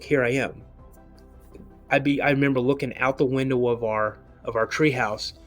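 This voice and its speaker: A man's voice: medium pitch, fairly bright tone. A man as a podcast guest, telling his own story in a casual, earnest, rambling way and repeating himself for emphasis. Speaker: guest recounting an encounter. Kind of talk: casual first-person storytelling.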